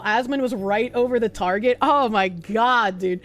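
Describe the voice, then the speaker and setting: Lively high-voiced sarcastic woman streamer. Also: a little slow, few pauses. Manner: sarcastic, crude, laughs often. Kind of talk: casual livestream chat.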